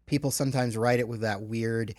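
A man's voice: medium pitch, a little fast, dry recording, clean studio sound. A middle-aged man hosting a film podcast, reading a polished intro, then chatting casually. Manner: reads a polished intro, then relaxed banter. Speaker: podcast host.

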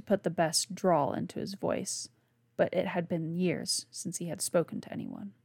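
A woman reading her own novel aloud in a soft, hushed narration. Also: fairly low pitch, steady tone, moderate pace, gravelly, breathy edge, no room sound. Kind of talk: scripted narration.

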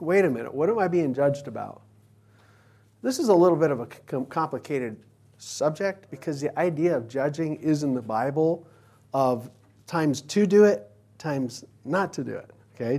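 Casual in manner, this man preaches as pastor in a somewhat high voice with a darkish, slightly rough tone. He teaches scripture through a conversational sermon, acting out everyday examples in a playful way.

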